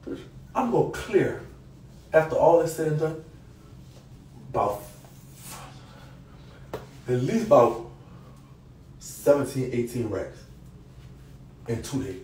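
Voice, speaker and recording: A man ranting on a live stream, loud, taunting and profane, laughing often. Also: mid-range voice, big pitch swings, slow pace, pauses often, roomy sound, distant mic, slight background noise, poor audio. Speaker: social media personality.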